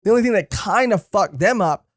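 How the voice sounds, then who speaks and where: Excitable, profane male podcast co-host. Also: sits high, brisk, no echo, studio quality. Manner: enthusiastic, swears freely. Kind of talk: casual chat about a comic series.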